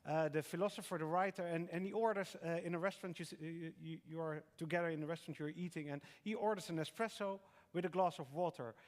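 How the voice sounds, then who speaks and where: A man interviews an author on a hall stage, his voice sitting a little higher than most men's. He talks hesitantly, with plenty of filler sounds, and a long reverb trails his words. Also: fast talker, hardly any pauses. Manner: hesitant, many "uh"s, frequent listening murmurs.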